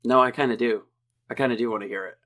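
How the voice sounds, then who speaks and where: A man's voice: mid-range voice, steady tone, rapid-fire, a bit bright. A man, rambling and joking in a casual podcast chat. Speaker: podcast regular.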